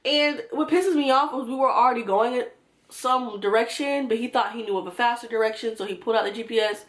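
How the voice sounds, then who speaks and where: A woman's voice: on the high side, fairly quick. A young woman from Georgia telling a profane, exasperated storytime to her viewers. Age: young adult. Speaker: vlogger. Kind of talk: storytime vlog.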